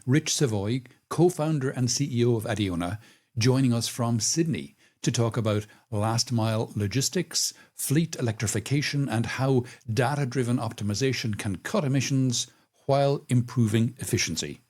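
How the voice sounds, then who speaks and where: A middle-aged man hosting a podcast, reading a smooth scripted intro and then asking questions. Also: medium pitch, a little mellow. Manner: measured, polished delivery. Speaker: podcast host.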